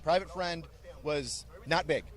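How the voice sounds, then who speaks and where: A man's voice: on the high side, takes it slowly. A man who is an army drill sergeant, telling stories animatedly in an interview and barking out orders. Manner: animated, barks quoted orders. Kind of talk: storytelling in an interview.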